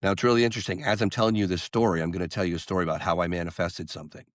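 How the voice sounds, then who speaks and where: A man, a singer-songwriter guest on an interview podcast, telling a story and acting out the quotes with lively jumps in voice. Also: deep voice, rapid-fire, no room sound, studio quality.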